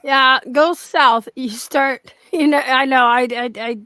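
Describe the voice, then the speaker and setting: A woman's voice: high voice, steady tone, takes it slowly, sharp tone, dry recording. A woman hosting a live stream, chatting casually, rambling and swearing. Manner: rambling, swears, laughs often. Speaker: stream host. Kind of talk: casual chat.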